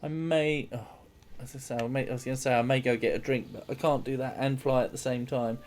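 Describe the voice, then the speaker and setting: A man's voice: medium pitch, fairly even intonation, brisk, a little mellow, a little hiss or hum. A man giving casual, rambling gameplay commentary as a streamer. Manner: rambling, chatty, self-mocking.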